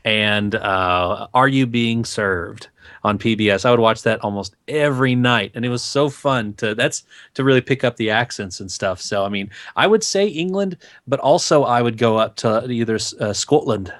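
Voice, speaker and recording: A man's voice: fairly low pitch, no room sound, studio quality. Easygoing man podcast co-host. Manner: relaxed, halting, many restarts. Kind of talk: casual chat.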